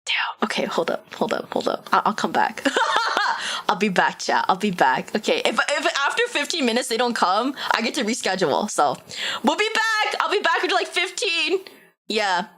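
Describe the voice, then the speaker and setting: A young woman streaming a game live, chatting to her viewers in a high-energy, rambling way, swearing and saying "like" often. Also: sing-song, moderate pace, pushed and bright. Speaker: VTuber streamer.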